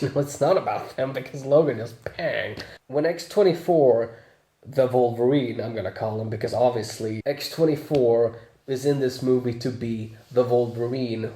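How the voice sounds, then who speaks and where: Mellow-voiced man in an echoey room. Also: mid-range voice. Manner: chatty, laughs often, swears freely. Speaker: movie reviewer. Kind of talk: casual spoiler review.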